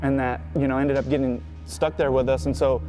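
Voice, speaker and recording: A man with a dark, mellow voice tells his story in a loose, profane, conversational way, checking in with "right?" and "you know" as he goes. Faint music plays softly behind him. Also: medium pitch, little pitch movement, a little fast. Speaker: skateboarder. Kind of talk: recounting his past in an interview.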